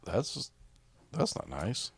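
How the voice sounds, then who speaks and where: A man's voice: on the low side, sing-song, slow, vocal fry, over a noisy crowd. A man co-hosting a podcast in casual chat, laid-back with dry, sarcastic remarks. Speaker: podcast co-host.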